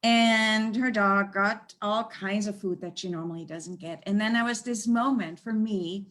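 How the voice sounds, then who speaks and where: A woman working as an animal communicator, telling stories in an animated, conversational way and laughing often. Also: medium pitch, a little slow. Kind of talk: storytelling in a conversational interview. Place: United States.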